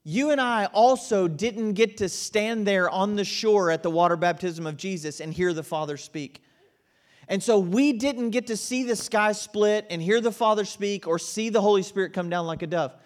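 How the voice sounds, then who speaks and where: Guy preaching in an auditorium, kinda high voice, chatty, keeps saying right?. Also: normal speed. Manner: conversational preaching with frequent "right?" asides. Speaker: pastor. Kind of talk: sermon.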